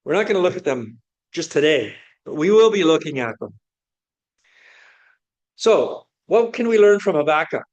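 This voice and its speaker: A man's voice: on the high side, very animated, moderate pace, pauses often, muffled recording. A man preaching a sermon, asking many rhetorical questions in an earnest, searching way.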